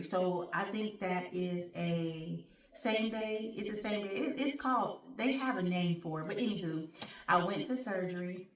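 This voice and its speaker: A woman hosting her own show, telling a personal story in an animated, colloquial way and speaking straight to her audience. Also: medium pitch, moderate pace. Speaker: show host. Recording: roomy sound, distant from mic.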